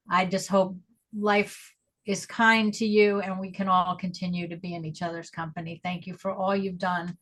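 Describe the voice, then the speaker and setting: A woman giving an earnest, warm tribute on a video call. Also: on the low side.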